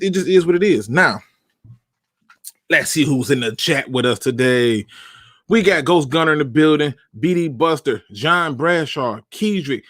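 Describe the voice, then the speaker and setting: A man hosting a live sports talk stream, chatting casually with slang and repeated starts, giving shout-outs and opinions. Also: medium pitch, dry recording, clean studio sound. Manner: conversational, repeats himself, uses slang. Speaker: podcast host.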